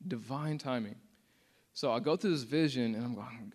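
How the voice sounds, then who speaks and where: A man's voice: mid-range voice, normal speed, darkish tone. A young man shares a personal testimony with a church audience in a loose, conversational way. He is earnest and unpolished, full of fillers, and he leans hard into the words he quotes. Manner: casual and earnest, many "like" fillers, acts out quotes with rising intensity. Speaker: speaker sharing a testimony.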